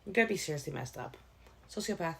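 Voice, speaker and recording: Gravelly, low-pitched woman co-host. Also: animated, fast, a bit bright. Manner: chatty, laughs often. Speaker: podcast co-host. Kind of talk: casual chat.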